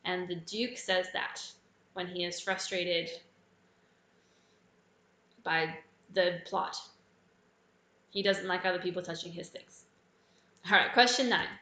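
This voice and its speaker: A woman's voice: on the low side, steady tone, slow pace, pauses often, sharp tone. A woman hosting a live quiz, casually going through the answers and adding chatty personal asides. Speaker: quiz host. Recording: echoey room.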